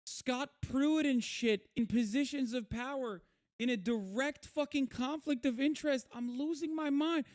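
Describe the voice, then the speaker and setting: A man's voice: very high voice, measured pace, darkish tone, no echo, studio quality. A man gives exasperated, sarcastic, profane commentary while reacting to a clip on a live stream.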